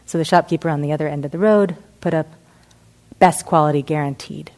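Middle-aged woman, low voice, reflective mindfulness teacher explaining gently. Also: a little fast. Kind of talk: teaching talk with a parable.

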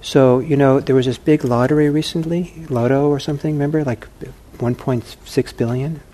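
A man teaching meditation who answers questions from the audience in a calm, gently humorous way and thinks aloud as he talks. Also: mid-range voice, moderate pace.

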